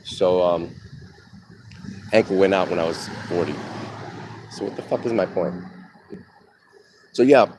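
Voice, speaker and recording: Outdoors near a street, a deep, low-voiced middle-aged man speaks into a phone as vehicles clearly rumble past. He tells a personal story live, candid and rambling, swearing freely, unhurried and pausing often.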